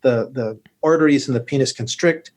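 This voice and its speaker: A man in a podcast interview, explaining patiently and at length. His voice sits in a middle register. He keeps the explanation lively with humorous tales. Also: mid-range voice, moderate pace. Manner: explanatory, tells joking stories. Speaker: urologist guest.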